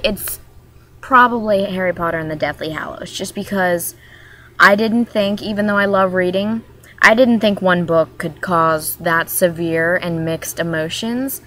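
A woman's voice: on the low side, bright, forceful tone. A woman from Maryland chatting casually in a vlog, talking in a hyper, rambling way that jumps from topic to topic. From Maryland, USA. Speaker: vlogger.

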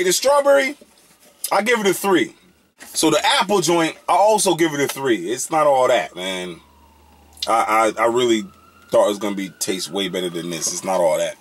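A young man casually reviewing snacks in a vlog, excitable and slangy, breaking into loud whoops. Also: fairly high pitch.

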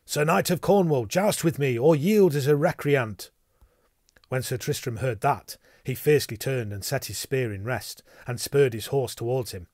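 A man's voice: medium pitch, no room sound, clean studio sound. Man narrating an old-style audiobook. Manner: even, measured storytelling in archaic prose.

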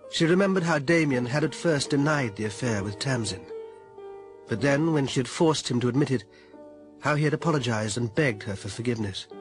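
A man narrating a romantic story in a gentle, expressive reading voice. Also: fairly high pitch.

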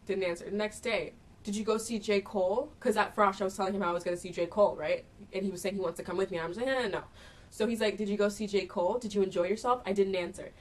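A woman's voice: medium pitch, recorded from a distance. A young woman from Canada chatting casually in a storytime vlog, animatedly retelling a bad date with quoted dialogue. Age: young adult. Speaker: vlogger.

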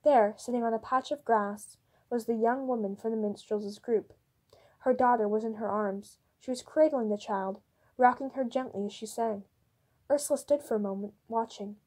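Female audiobook narrator, steady and even, slightly high voice. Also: moderate pace. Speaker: audiobook reader. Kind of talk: storybook narration.

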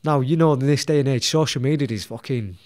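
A man's voice: medium pitch, fast talker, darkish tone, no echo, studio quality. A young man with a Leeds accent, a boxer telling his story as a podcast guest, blunt and swearing constantly. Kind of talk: casual storytelling.

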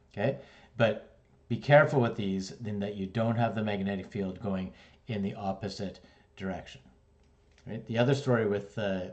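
A man from Canada with a somewhat low voice teaches a hands-on electrical lesson. He talks conversationally and explains step by step, tossing in quick "right?" and "okay?" checks. He sounds middle-aged and relaxed in front of his students. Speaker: electrical instructor. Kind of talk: casual classroom lesson.

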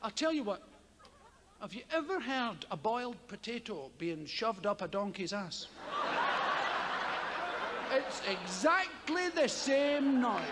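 A Scottish man doing stand-up comedy, telling a story with heavy swearing and loud yelped sound effects. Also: extremely high pitch, slow pace, pauses often, heavy background noise. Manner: animated, profane, loud vocal sound effects. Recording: live hall with audience ambience.

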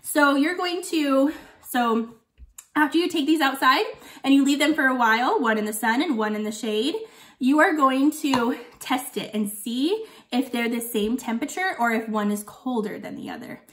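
A woman's voice: high-pitched, normal speed, fairly bright tone. A woman voicing a forgetful old lady who teaches young children, chatting while chewing candy. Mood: chatty. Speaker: guest teacher for a kindergarten class. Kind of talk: playful video lesson for young children.

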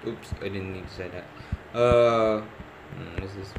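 Excitable male gamer, slow-talking, thinking aloud through a horror game, faint ambience behind. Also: deep voice, gravelly, noisy background. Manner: excitable, talks to himself, repeats words. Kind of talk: let's play commentary.

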